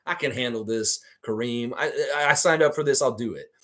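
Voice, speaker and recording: Reading viewer comments on his casual sports livestream, this man responds bluntly and swears freely. His voice is medium-pitched and a bit bright, his pace fairly quick, and he refers to himself in the third person.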